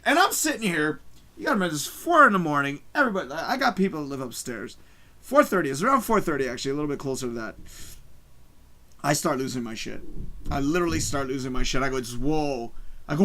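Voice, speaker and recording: A man hosting a live stream from his home, ranting excitedly about a show, swearing constantly and shouting at the big moments, his mic distorting when he gets loud. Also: sits high, a little fast. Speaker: livestream host. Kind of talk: excited live review rant. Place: home room, early morning.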